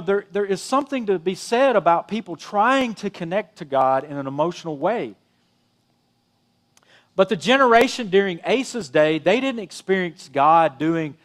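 A middle-aged man preaching a sermon in a conversational way, swinging between emphatic peaks and hushed drops. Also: sits high, animated, normal speed. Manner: conversational preaching, rising and dropping emphasis, frequent "you know". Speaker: pastor.

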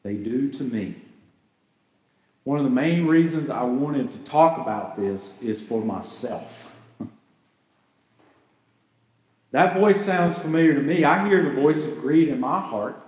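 Pastor, man, unhurried earnest sermon delivery, lively pitch, echoey church hall. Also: dull audio. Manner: earnest, conversational preaching with rhetorical questions.

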